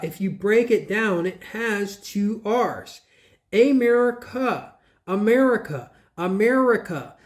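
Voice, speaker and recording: A man hosting his own channel, reviewing a book in casual, rambling commentary, scoffing at ideas and spelling words out letter by letter. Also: sits high. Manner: digressive, restarts and trails off.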